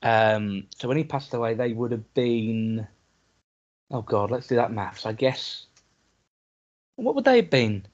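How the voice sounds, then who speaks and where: A man's voice: medium pitch, animated, measured pace, long pauses, lo-fi sound. A man, teasing his co-host and chatting about his young kids on a podcast. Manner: teasing, chatty, recounts kids' sayings. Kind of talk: casual chat.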